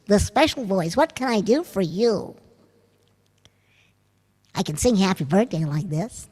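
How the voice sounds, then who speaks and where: A woman doing a special playful sing-song voice for a children's singalong, over loud guitar music. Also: medium pitch, lively intonation, measured pace, slightly rough, no room sound, studio quality, pitched below the performer's own voice. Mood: cheerful singsong. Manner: bouncy, playful nursery-rhyme singing.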